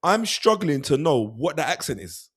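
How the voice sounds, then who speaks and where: A man co-hosting a football podcast, talking fast and animated, acting out players' thoughts and laughing often. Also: a little high, slightly rough. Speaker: podcast co-host. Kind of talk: casual football chat.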